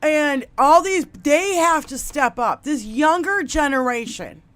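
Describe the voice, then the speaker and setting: A woman co-hosting a casual podcast chat, swearing freely and laughing loudly as she tells stories. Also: sits high, lively intonation, slow. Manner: loud, laughing storyteller, swears often. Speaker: podcast co-host.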